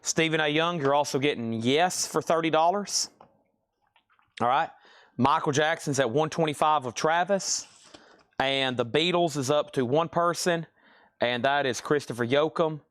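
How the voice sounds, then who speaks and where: A man's voice: on the high side, moderate pace, fairly bright tone, clear, resonant tone, dry recording. A man hosting a live vinyl record sale, chatting casually and rambling between sales. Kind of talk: casual live-stream selling.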